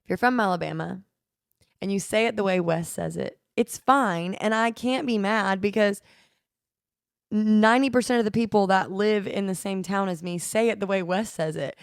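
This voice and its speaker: A woman's voice: medium pitch, normal speed, gravelly, clear, resonant tone, no echo, clean studio sound. Chatty Southern woman co-host. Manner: chatty, laughs often, lots of fillers. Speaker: podcast co-host. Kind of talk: casual chat. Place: home. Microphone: phone.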